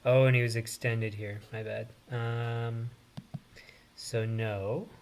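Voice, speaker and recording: A man talks slowly through a casual live stream, musing aloud and trailing off between thoughts. His voice sits at an ordinary middle pitch, and a faint hum of room noise lies under it. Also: little pitch movement, darkish tone. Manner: thinking aloud, unhurried, with many pauses and fillers. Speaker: host.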